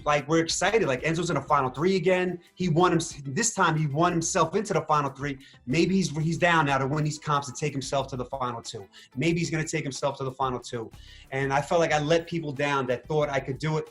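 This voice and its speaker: Guy in an interview, kinda high voice, acts out his own lines, really animated, light music behind. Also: fairly quick. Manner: animated, emotional storyteller acting out quotes. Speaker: reality show contestant interviewed. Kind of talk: casual interview.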